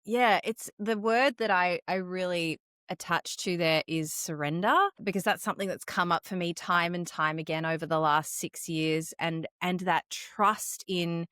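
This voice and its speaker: A woman's voice: fairly low pitch, steady tone, measured pace, hardly any pauses, fairly bright tone, smooth, no room sound, studio quality. A woman hosting a podcast, sharing thoughtfully and asking curious questions. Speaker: podcast host. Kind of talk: interview chat.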